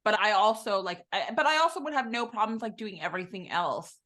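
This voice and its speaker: A woman's voice: medium pitch, expressive, a little fast, fairly bright tone. A woman co-hosting a casual podcast who reacts with exasperation and disbelief. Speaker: podcast co-host. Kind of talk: casual chat.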